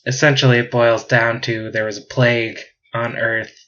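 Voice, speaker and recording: A man's voice: medium pitch, flat delivery, normal speed, pushed and bright. A man co-hosting a podcast, reading his sci-fi story aloud in a casual way and laughing at his own jokes. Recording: dull lo-fi recording.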